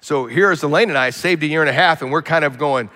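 Preacher in an echoing hall. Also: male voice, a little high, quick pace. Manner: animated storytelling, swinging between loud emphasis and quiet asides. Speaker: pastor. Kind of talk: sermon. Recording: long hall reverb.

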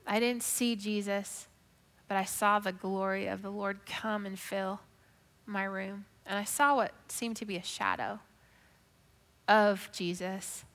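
A woman giving an emotive personal faith testimony, moving between hushed, whispered moments and loud, excited storytelling. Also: mid-range voice, a little slow, in a large hall.

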